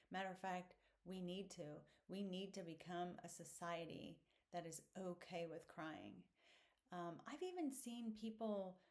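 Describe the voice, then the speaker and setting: A woman's voice: fairly low pitch, a little mellow. A woman hosting a podcast, talking through a reflective solo monologue in an earnest, candid way with plenty of fillers. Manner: unhurried, thoughtful, many fillers. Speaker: podcast host.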